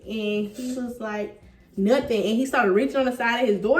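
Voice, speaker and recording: A young woman in her twenties casually telling a story, animated and slangy, laughing as she goes. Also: fairly high pitch, a little fast, reverberant, recorded from a distance. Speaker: vlogger telling a couple's story.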